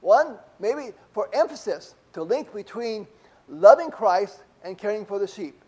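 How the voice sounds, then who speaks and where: A man's voice: high-pitched, lively intonation, a little slow, darkish tone, slightly rough. A middle-aged man preaching a conversational sermon to a congregation, asking rhetorical questions as he talks. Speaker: pastor.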